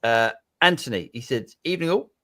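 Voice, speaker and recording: A man's voice: medium pitch, lively intonation, a little fast, pushed and bright. A man co-hosting a live podcast, chatty, reading viewer comments aloud. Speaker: co-host reading chat. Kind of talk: casual live podcast chat.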